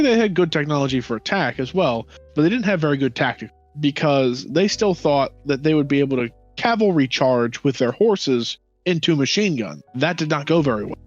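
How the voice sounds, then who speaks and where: A man in a casual history chat, profane and sarcastic, acting out nations in mocking quoted voices. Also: a little high. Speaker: podcast co-host. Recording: dull lo-fi sound with faint music.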